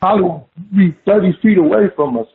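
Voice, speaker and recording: A man casually telling a scary story of his own, animated and swearing, saying "man" at every turn. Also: sits high, brisk, gravelly. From Oklahoma. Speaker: guest telling an encounter story. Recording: phone-line call audio.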